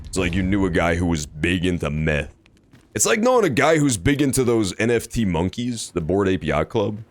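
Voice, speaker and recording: A man casually commenting on his gameplay, with joking, sarcastic and animated reactions. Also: deep voice, normal speed. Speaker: streamer.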